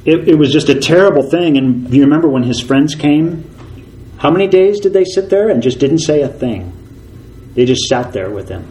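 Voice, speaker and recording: A man preaching a sermon as a pastor. He talks earnestly, repeats key phrases for emphasis and slows down when he reads scripture. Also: fairly high pitch, expressive, mellow, poor audio.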